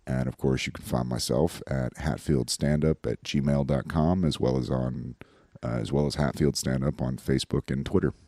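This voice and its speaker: A very low-voiced man rambles casually through the show's wrap-up. His tone is dark and mellow. The sound is close and dry, with no room in it. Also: steady tone, moderate pace, hardly any pauses, no echo. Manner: rambling, loose, with many fillers. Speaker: podcast host and comedian.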